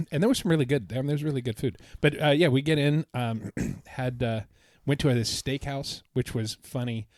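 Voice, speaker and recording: A man co-hosting a casual podcast, telling rambling travel stories with frequent laughs and throat-clearing. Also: mid-range voice, fairly even intonation, moderate pace, a little mellow, no room sound, clean studio sound. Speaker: podcast co-host. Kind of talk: casual chat.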